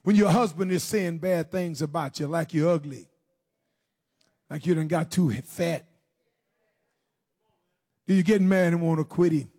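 A man preaching a sermon, questioning his listeners directly and swinging from low, slow passages into shouted, sing-song preaching. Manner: addresses the congregation with direct questions.

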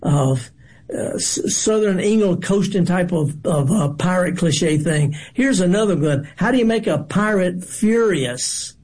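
A radio host chatting casually from a studio, rambling in a folksy way and cracking corny jokes. His voice sits fairly high and has a husky, breathy edge. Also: animated, measured pace, darkish tone. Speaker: radio gardening show host.

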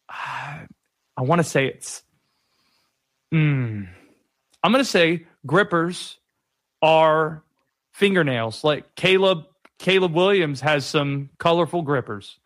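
Radio sports host, male, higher-pitched, relaxed banter, dry studio sound. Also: dry recording. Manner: easygoing, laughs often.

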